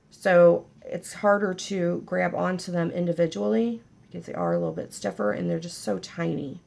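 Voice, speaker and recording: Lady with a super gravelly low voice, chatty craft tutorial, jokes around with viewers. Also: expressive, normal speed, darkish tone. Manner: chatty, jokey, talks to viewers while working.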